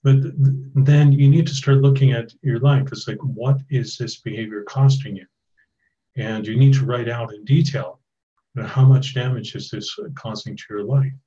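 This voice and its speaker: Mellow-voiced man explaining advice. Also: mid-range voice, steady tone, normal speed, muffled recording, a little hiss or hum. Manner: conversational, explanatory. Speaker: guest expert. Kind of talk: podcast interview.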